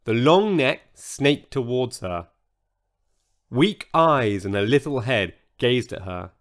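Slow, animated male storyteller. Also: medium pitch. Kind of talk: scripted children's story narration.

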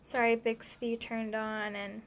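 A woman's voice: a little high, level tone, a little slow, slight background noise. A woman helping off to the side during a craft stream, giving brief cheerful replies. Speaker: helper reading viewer names. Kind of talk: casual chat.

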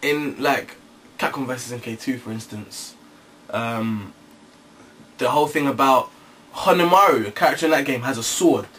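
A man's voice: mid-range voice, normal speed, pauses often, a bit bright, distant mic. A young man in casual chat as co-host, jokey and profane, laughing often. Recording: faint background hiss.

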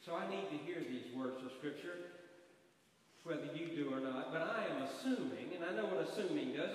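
A man's voice: fairly high pitch, lively intonation, moderate pace. Man preaching in an echoing church. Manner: storytelling with humor and emphatic repetition. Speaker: guest preacher. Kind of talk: sermon. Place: church sanctuary. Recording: echoey church hall, distant mic.

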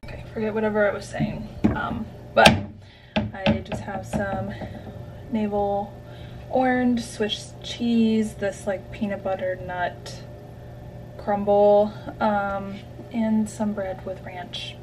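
A woman's voice: medium pitch, level tone, slow, a little mellow, recorded from a distance, a little hiss or hum, low-quality recording. A young woman chatting casually to the camera at home in a vlog, rambling with lots of fillers. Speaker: vlogger.

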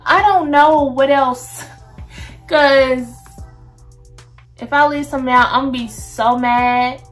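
A woman's voice: sits high, slow, faint music behind. A young woman, chatting casually to her viewers in a get-to-know-me vlog. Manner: chatty, addresses viewers as "y'all". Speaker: vlogger.

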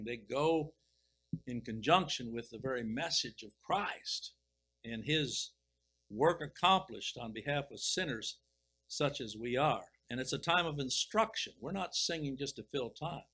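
A middle-aged man preaching, reading scripture slowly and deliberately, then commenting with emphatic swells. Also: medium pitch, pushed and bright, rough recording. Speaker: pastor. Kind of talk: expository sermon reading and explaining scripture.

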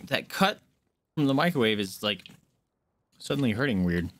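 A man streaming a game live, chatting casually with viewers and reacting out loud. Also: on the low side, expressive, normal speed, long pauses, dry recording. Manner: chatty, greets chat, squeals when startled.

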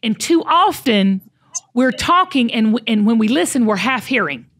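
A high-pitched woman hosts a relaxed chat. She talks emphatically, with fired-up, preachy bursts. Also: normal speed. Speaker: show host. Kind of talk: casual chat.

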